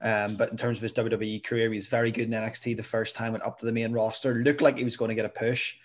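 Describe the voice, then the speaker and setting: A man co-hosting a podcast, chatting casually in a measured way that hedges his views. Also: fairly low pitch, flat delivery. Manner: measured, hedging with "I suppose" and "kinda". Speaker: podcast co-host. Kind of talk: casual chat.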